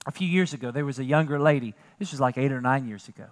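A male pastor preaching a sermon in a church, moving from quiet storytelling to loud emphatic preaching. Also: medium pitch, quick pace. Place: church sanctuary.

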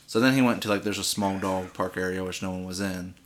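A man's voice: sits low, fairly even intonation, fast, slight background noise. A man in casual conversation, telling a long story with lots of restarts, fillers and swearing. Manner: rambling, profane storytelling with many restarts. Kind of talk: casual chat.

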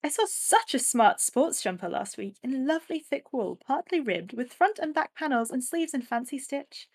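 A woman's voice: sits high, lively intonation, normal speed, pitched above the performer's own voice. A woman voicing a posh, plummy 1930s English society lady who gives fashion advice. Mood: gushing. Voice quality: plummy, affected.

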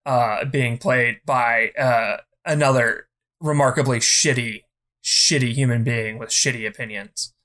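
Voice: mid-range voice, steady tone, measured pace, a bit bright. A podcast co-host in casual chat, ranting bluntly with lots of swearing and repeated false starts. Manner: blunt, profane, heated ranting; repeats words when starting.

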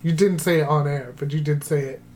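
A man's voice: a little high, steady tone, fairly quick, a little mellow. A man co-hosting a casual movie podcast, wry and sarcastic, often trailing off mid-thought. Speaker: podcast co-host.

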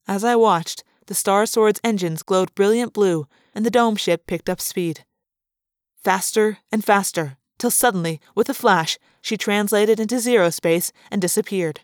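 A reader narrating a fan read-aloud of a novel in a steady storytelling manner. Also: medium pitch, normal speed, dry recording. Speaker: audiobook reader.

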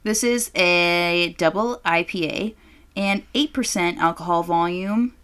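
Brash, bright-voiced young woman. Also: fairly low pitch, measured pace, clear, resonant tone. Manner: brash, profane and joking. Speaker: podcast co-host. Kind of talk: casual chat.

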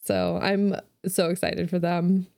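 A woman's voice: on the low side, flat delivery, takes it slowly, vocal fry, a little mellow, no echo. A woman co-hosting a podcast in casual chat, bubbly and playfully teasing, laughing often. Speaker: podcast co-host.

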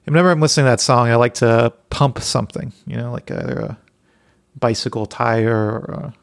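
A man co-hosting a casual podcast chat, making deadpan jokes and stumbling over his words. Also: medium pitch, brisk, creaky, smooth. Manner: deadpan joking with stammered restarts. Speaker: podcast co-host.

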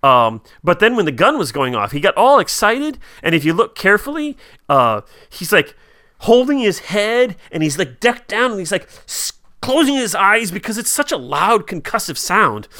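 Very animated and speaking at a moderate pace, this male podcast co-host has a high, bright, forceful voice. Discussing a TV episode casually, he hesitates, fills gaps with fillers, and reads out quotes, all in clean studio sound with no room echo.

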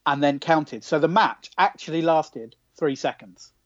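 A man co-hosting a casual podcast, teasing his partner wryly with halting restarts. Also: on the high side, dry recording. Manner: wry, teasing, hesitant restarts. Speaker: podcast co-host. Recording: slightly dull, dry.

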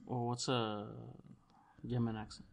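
A man's voice: medium pitch, little pitch movement, unhurried. A man co-hosting a casual podcast chat, blunt and firing off random questions.

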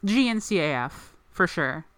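Woman, podcast co-host, casual rambling chat, bright tone, dry close sound. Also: fairly low pitch, expressive, normal speed, dry recording. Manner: rambling, heavy on "like" fillers.

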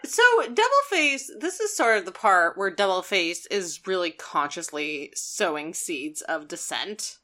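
A woman's voice: fairly low pitch, measured pace, few pauses. A woman co-hosting a casual talk show, retelling a cartoon episode and acting out lines. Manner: animated storytelling, acting out quotes. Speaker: podcast co-host. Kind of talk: casual chat recapping a cartoon.

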